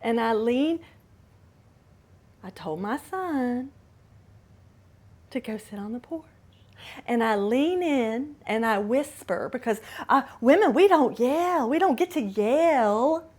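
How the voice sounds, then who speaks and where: Female host, middle-aged, high unhurried voice, confessional storytelling with asides. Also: lively intonation, darkish tone. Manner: candid, dramatic retelling with asides. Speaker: podcast host. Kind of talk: personal storytelling monologue.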